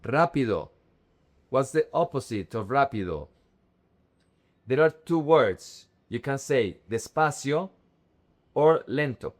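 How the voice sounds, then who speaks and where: A young man teaching vocabulary, saying words slowly and carefully and repeating them in drills. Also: medium pitch, animated. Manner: slow, careful word-by-word drilling. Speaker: Spanish teacher. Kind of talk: vocabulary lesson to camera.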